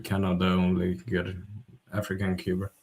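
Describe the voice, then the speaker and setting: A man speaking as a guest in a casual livestream chat, hesitant and pausing on fillers. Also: sits low, monotone, darkish tone. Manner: hesitant, many filler pauses. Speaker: podcast guest.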